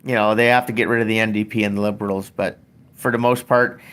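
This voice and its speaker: A man's voice: lowish voice, level tone, quick pace, fairly bright tone, clear, resonant tone. An older man, hosting a show and ranting bluntly in casual, profane talk. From Canada. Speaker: podcast host.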